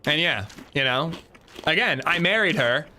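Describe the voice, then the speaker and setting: During a game stream, a young man with a fairly high voice casually recounts a story to his chat, laughing and reading comments aloud. He talks at normal speed, and slight background noise can be heard.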